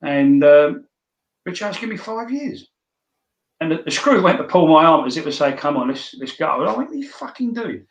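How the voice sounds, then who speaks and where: A man's voice: on the high side, expressive, moderate pace, dull audio. Blunt swearing man telling stories, roomy echo. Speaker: podcast guest. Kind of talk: casual storytelling.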